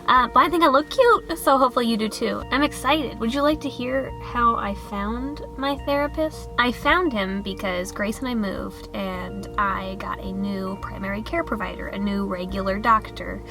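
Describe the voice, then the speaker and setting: A woman vlogging in a casual, chatty way, bubbly and rambling with quick restarts. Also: on the high side, creaky, music in the background.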